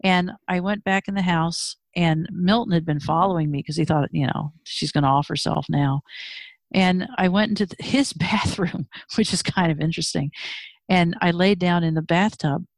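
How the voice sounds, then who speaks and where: A woman with a slightly low voice recounts her life frankly, moving between raw emotion and wry humor. The sound is dry and close, with no room around it. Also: fairly even intonation, normal speed, no echo. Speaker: interview guest. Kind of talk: personal storytelling in conversation.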